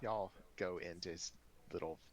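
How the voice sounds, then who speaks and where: A man narrating as game master in a relaxed, rambling way. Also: low voice, normal speed.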